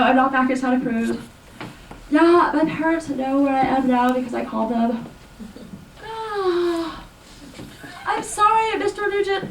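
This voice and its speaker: Actress as a high-voiced, giggly teen girl gabbing on the phone, roomy distant stage tape. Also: slight background noise. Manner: breathless, giggly phone chatter full of odd big words. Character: chatty teenage girl, dreamy, dramatic vocabulary. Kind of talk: solo stage monologue. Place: small performance space. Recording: roomy, distant live VHS recording.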